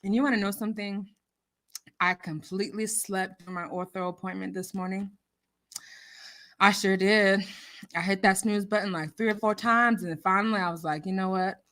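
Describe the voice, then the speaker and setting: Bright-voiced woman hosting a live chat. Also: mid-range voice, moderate pace. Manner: laughs often, emotional and animated; reads out viewer comments and names. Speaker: livestream host. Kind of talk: casual livestream chat.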